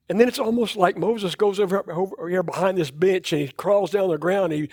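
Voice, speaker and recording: A man's voice: high voice, a little fast, hardly any pauses, darkish tone, no echo, studio quality. A man preaching a sermon in a church, talking in a loose, conversational way and often repeating and restarting words. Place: church auditorium.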